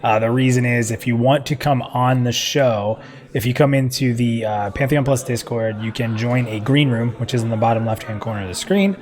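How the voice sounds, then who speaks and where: A man's voice: medium pitch, moderate pace, a little mellow. A man hosting a live stream show in casual chat, joking and chatty, laughing often.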